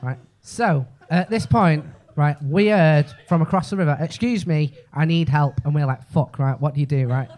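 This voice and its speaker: Scouse male stand-up, higher-pitched voice, brash and sweary, fast storytelling on a club stage. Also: a little mellow. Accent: Liverpool. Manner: rapid storytelling, peppered with "right?" and swearing. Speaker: stand-up comedian. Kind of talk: stand-up set.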